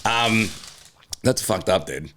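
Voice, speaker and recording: A man co-hosting a casual comedy podcast, excitable and jumpy, often breaking into loud high yelps and laughter. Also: slow pace, noisy background. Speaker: podcast co-host.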